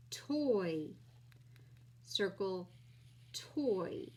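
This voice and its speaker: A woman teaches young children a phonics lesson, drawing out vowel sounds and letters one at a time. Her pace is very slow and deliberate, her voice neither high nor low. She speaks with steady, patient encouragement. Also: slight background noise.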